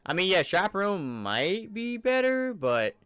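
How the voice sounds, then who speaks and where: A man's voice: high voice, sing-song, a little slow, a bit bright, clean tone, no echo. A man giving casual, enthusiastic commentary over gameplay footage in a loose, conversational way. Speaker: gaming channel creator.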